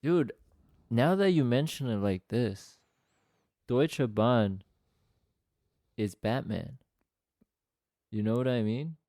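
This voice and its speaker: A man of middling pitch co-hosts a casual podcast. He jokes, laughs often and slips into voices for the people in his stories. His voice sounds dry and close to the mic. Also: expressive, slow, pauses often, dark tone, no room sound. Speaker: podcast co-host. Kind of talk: casual chat.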